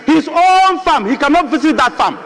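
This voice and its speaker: Ghanaian male MP, middle-aged, very high and bright voice, combative debate speaker who drives his point with repeated questions. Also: lively intonation, normal speed. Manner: fiery, accusing, hammering repeated rhetorical questions. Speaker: member of parliament. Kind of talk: parliamentary debate speech. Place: parliament chamber.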